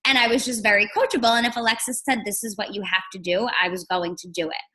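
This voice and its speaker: A young woman from New Jersey tells her story on a team call, animated and chatty. Her voice is bright and forward. She sits at a middle pitch for a woman. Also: fast talker, rough recording. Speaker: guest on a team training call. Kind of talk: casual storytelling.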